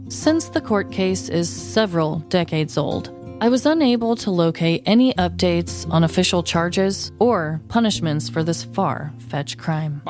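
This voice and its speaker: Lively woman podcast host. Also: mid-range voice. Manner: pun-laden storytelling, chatty and giggly. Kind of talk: scripted narration and casual chat.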